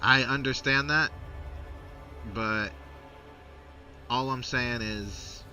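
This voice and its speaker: A man voicing a stern male clone officer who speaks slowly and with menace. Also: mid-range voice, pushed and bright, soft background music, voice pushed up, exaggerated voice. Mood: confiding. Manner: slow, measured, menacing.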